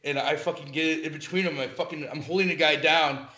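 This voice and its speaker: A man's voice: fairly high pitch, brisk. A man telling band stories in casual talk, swearing freely and laughing often. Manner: profane, animated, laughs often. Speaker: guest musician. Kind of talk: casual storytelling. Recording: echoey lo-fi room recording.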